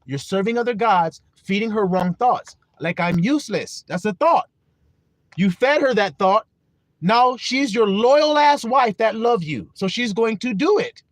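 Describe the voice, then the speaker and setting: A male preacher delivering a sermon in an animated, emphatic way with casual profanity. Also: sits high, unhurried, no room sound.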